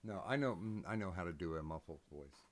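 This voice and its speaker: A man's voice: sits low, expressive, a little fast. A man hosting a casual live stream, hesitant with lots of ums, swearing bluntly now and then. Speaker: streamer host.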